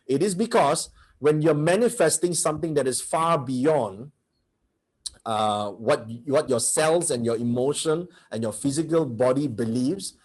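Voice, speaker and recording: A man teaching a motivational seminar, blunt and brash, who keeps firing rhetorical questions at his audience. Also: medium pitch.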